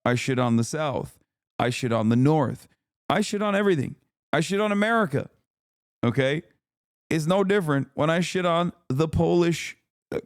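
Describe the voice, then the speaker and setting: A man's voice: on the high side, clear, resonant tone, no echo, studio quality. A man hosting a casual livestream, talking back to his chat in a profane, ranting way and laughing often. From lives in California. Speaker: livestream host.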